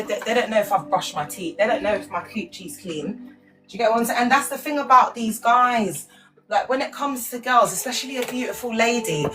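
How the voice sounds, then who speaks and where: A woman chatting frankly on a phone live stream at home. She rambles and keeps checking in with "do you know what I mean", calling her viewers "baby" and "my love". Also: a little high. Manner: chatty, frank, many tag questions and terms of endearment. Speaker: livestream host.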